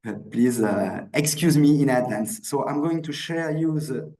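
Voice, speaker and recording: A man's voice: medium pitch, expressive, unhurried, mellow, roomy sound, poor audio. A man with a French accent giving an online wine presentation, hesitant, with many restarts and fillers. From France. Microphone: video call.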